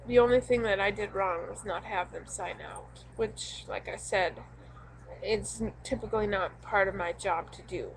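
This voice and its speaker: A young woman venting to camera in a halting, rambling way, full of ums, upset and frustrated. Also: mid-range voice, creaky, slight background noise, low-quality recording. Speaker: vlogger.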